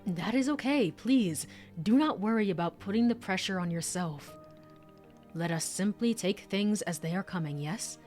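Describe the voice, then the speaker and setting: A woman voicing a gentle, polite male tea shop keeper from a game, speaking formally and soothingly. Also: mid-range voice, normal speed, faint music behind, close to an everyday voice. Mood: reassuring. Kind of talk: reading game dialogue aloud.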